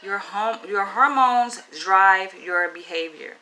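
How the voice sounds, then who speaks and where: A woman's voice: mid-range voice, takes it slowly, bright, forceful tone, low-quality recording. A woman with a Southern US accent talking frankly to camera in a casual, chatty advice vlog. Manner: frank, chatty, asks "right?" often. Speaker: vlogger.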